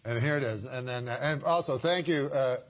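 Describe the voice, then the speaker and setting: A man's voice: medium pitch, brisk. A male talk show host bantering casually with guests, laughing often and teasing.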